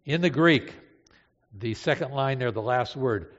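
A man preaching a sermon, emotive, moving between hushed and impassioned delivery. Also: medium pitch, animated, a little slow. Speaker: pastor. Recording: reverberant hall, dull lo-fi sound.

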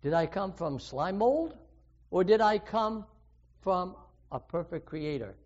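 A man with a high voice preaches a sermon, throwing questions at his listeners and leaning hard into key words. The recording is dull and lo-fi. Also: animated, slow pace, a little mellow. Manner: earnest, questioning, with sudden emphatic rises.

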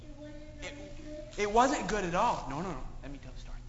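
A man's voice: high-pitched, very fast. A man telling a moral story to children in a sermon, asking them lots of questions. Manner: asks children many questions, animated storytelling. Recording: echoey hall, dull sound, faint noise.

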